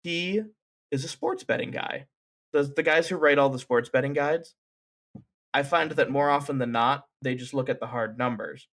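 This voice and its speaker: A man's voice: medium pitch, moderate pace, a bit bright. A man co-hosting a podcast in casual chat, rambling and restarting his sentences. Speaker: podcast co-host.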